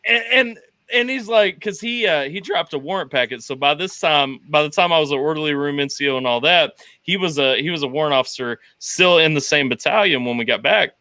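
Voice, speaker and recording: A man co-hosting a casual podcast, telling army stories with profanity and animated, high-pitched quoting. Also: a little fast, dry recording. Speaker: podcast co-host, army veteran. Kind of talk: casual storytelling chat.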